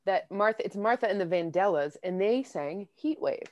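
A woman's voice: medium pitch, lively intonation, moderate pace, no echo. A woman co-hosting a comedy podcast, talking in a playful, goofy way. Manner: playful and goofy, bursts into loud bits. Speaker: podcast co-host. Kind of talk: casual comedy podcast chat.

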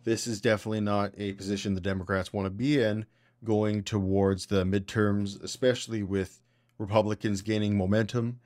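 Blunt man, fairly low voice. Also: level tone, moderate pace, darkish tone, dry recording, clean studio sound. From Canada. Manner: casual, blunt and opinionated. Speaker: podcast host. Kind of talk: political commentary monologue.

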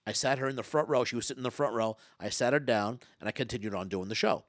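A man, a stage hypnotist and former comedian, telling stories in an interview, talking fast and loud with lots of stammered restarts. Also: medium pitch, dry recording, clean studio sound. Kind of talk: storytelling interview talk.

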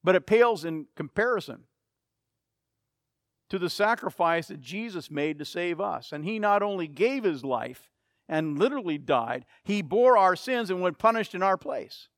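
A man's voice: high-pitched, animated, moderate pace, dry recording, studio quality. A man preaching a sermon, emphatic and repeating key phrases for effect. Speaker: pastor.

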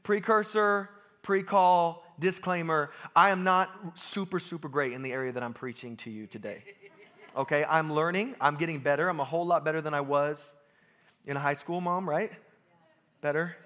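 A young American man preaching a sermon in a lively, emphatic way. He pokes fun at himself and repeats lines for weight. His voice sits a little high for a man. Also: normal speed. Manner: lively, self-deprecating, emphatic with repeated phrases. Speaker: pastor.

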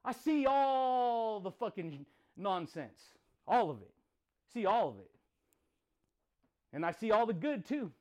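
Podcast host, male, high-pitched, intense, profane, hammering motivational lines through repetition. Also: sing-song, takes it slowly, pauses often, a little mellow. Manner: intense, punchy, profane, repeats phrases. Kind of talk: motivational monologue.

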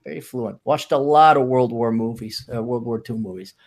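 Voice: mid-range voice, normal speed, crowd noise. A podcast host in casual chat who reads a news story aloud, mocking it and laughing between lines. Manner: joking, mocking, laughs often.

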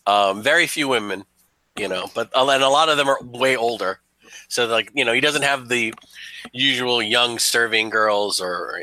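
Rambling male game master, very bright. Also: medium pitch, rough recording. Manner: rambling, many "you know" fillers. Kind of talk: narrating a tabletop game.

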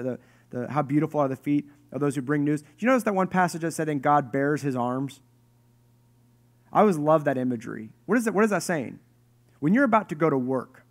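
Man, 30s-40s, pastor, conversational animated sermon, light joking asides. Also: on the high side. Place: church hall with congregation.

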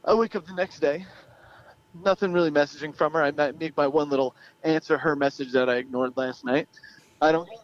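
A man's voice: on the high side, fairly even intonation, a little fast. A young man telling a long personal story in casual, profane chat, often laughing as he goes. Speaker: guest storyteller. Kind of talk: casual anecdote. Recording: dull lo-fi sound.

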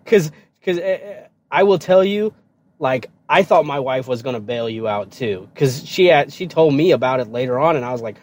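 A middle-aged father co-hosting a podcast, chatting casually and laughing often. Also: normal speed. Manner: laughs often, expressive pitch. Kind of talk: casual chat.

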